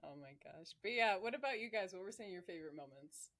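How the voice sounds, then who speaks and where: A young woman co-hosting a podcast in lively casual chat, laughing often. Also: mid-range voice, fast talker. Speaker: podcast co-host.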